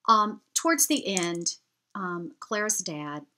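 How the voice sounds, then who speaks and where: A woman's voice: fairly low pitch, big pitch swings, takes it slowly, bright, forceful tone. A woman, chatting to camera as she tells a heartfelt story. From United States. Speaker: vlogger.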